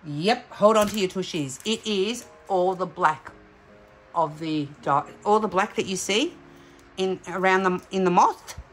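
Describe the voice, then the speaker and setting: A middle-aged woman from Australia chatting excitedly as she unboxes craft kits for her vlog. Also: medium pitch, measured pace, faint music behind. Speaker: craft vlogger. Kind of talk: casual unboxing chat.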